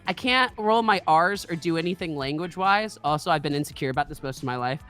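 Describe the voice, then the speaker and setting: A woman's voice: sits low, animated, fast, fairly bright tone, soft background music. A woman streaming a game, chatting in a rambling, self-deprecating way. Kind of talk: casual let's-play chat.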